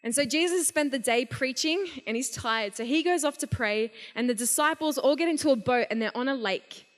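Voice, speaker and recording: A young woman giving a casual, energetic sermon to a youth conference. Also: high voice, a little fast. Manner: energetic, casual, animated storytelling. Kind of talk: live youth sermon storytelling. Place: large event hall. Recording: long reverb of a large hall.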